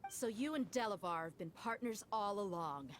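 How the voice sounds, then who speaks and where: Woman voicing a tough lady mercenary, frank and easy, bouncy pitch. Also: lively intonation, moderate pace, a little hiss or hum, lightly acted. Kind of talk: game voice acting.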